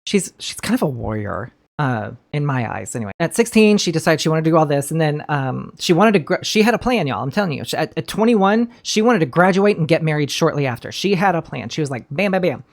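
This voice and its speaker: A woman's voice: low-pitched, big pitch swings, brisk, creaky, few pauses. A woman giving casual, chatty commentary on a TV episode, swearing freely and talking straight to her viewers. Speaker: TV show reviewer.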